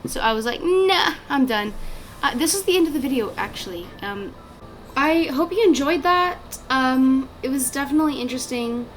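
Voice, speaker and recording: Woman, casual gaming commentary, chatty and rambling, a bit high. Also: lively intonation, brisk, a little hiss or hum. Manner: chatty and rambling, many fillers and restarts. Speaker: gaming channel creator.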